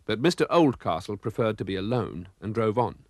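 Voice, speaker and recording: Lively male storybook narrator. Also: lowish voice, fairly quick, no echo, studio quality. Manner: lively expressive reading.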